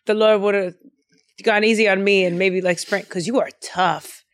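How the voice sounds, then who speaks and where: A woman's voice: medium pitch, moderate pace. A young woman hosting a casual podcast chat, playful and teasing, acting out her stories. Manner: animated, playful teasing, acts out quotes. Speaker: podcast host.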